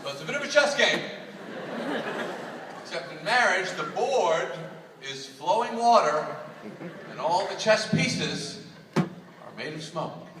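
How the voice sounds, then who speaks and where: A man's voice: high-pitched, big pitch swings, slow, long pauses, background noise. A man doing a stand-up comedy routine on a theatre stage with an exasperated, emphatic delivery, taped from the audience. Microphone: audience recording from far back. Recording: echoey hall from far off, loud crowd laughter. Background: loud audience laughter.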